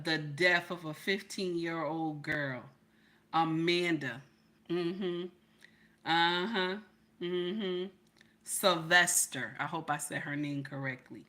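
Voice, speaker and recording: Middle-aged lady on a livestream, loud and playful, bright forceful voice, chatting back to her viewers. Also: lowish voice. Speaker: livestream commentary host. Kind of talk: casual livestream commentary.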